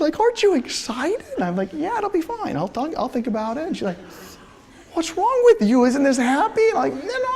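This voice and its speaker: A middle-aged man giving a classroom lecture, telling personal stories and acting out the voices in them with frequent laughter. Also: sits high. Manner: animated storyteller, acts out quoted voices, laughs often. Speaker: university lecturer.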